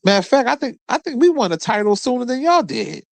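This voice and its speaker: A man's voice: very high voice, big pitch swings, quick pace, gravelly, no room sound. A man hosting his own show, ranting about basketball in a blunt, profane, trash-talking way. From Philadelphia area. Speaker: host. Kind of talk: casual sports rant.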